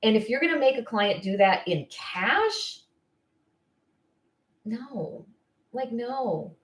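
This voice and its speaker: A woman coaching estheticians on business in casual live-stream talk, blunt, candid and quick to get fired up. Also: a little high, sing-song, roomy sound. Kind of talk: casual live-stream advice, answering viewer comments.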